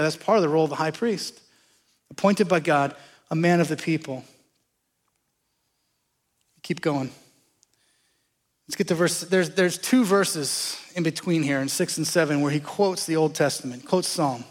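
A man's voice: fairly high pitch, measured pace, long pauses, long reverb tail. A man preaching a sermon in a conversational way, asking the congregation questions as he explains scripture. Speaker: pastor.

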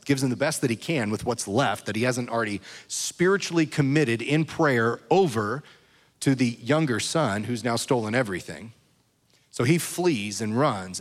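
Guy pastor giving a sermon, chatty, keeps asking okay?, big echoey church. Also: medium pitch. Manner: conversational, checks in with the crowd. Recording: reverberant hall.

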